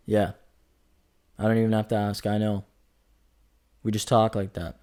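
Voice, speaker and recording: A man's voice: on the low side, flat delivery, normal speed, dark tone. A man in his twenties talking through a casual solo podcast, rambling and chatty, joking as he goes and correcting himself. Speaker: podcast host.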